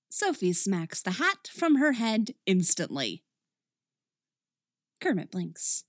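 A woman reading a story aloud with expressive, wry narration, recorded close up. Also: mid-range voice, slow, pauses often, no echo.

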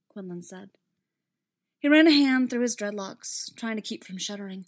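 A woman narrating a story aloud in an even storytelling manner. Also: mid-range voice, normal speed. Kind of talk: fan fiction read aloud.

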